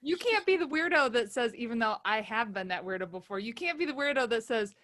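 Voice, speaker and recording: Woman co-host, upbeat and giggly, slightly high voice. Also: animated, quick pace, fairly bright tone. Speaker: podcast co-host. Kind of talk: casual podcast interview.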